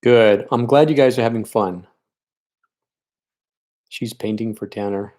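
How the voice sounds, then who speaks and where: A man's voice: fairly low pitch, unhurried, a little mellow. A man teaching a live-streamed painting lesson, chatty and encouraging as he works, and openly sentimental about his students. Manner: chatty and encouraging, talks while working. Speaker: art teacher leading a paint night.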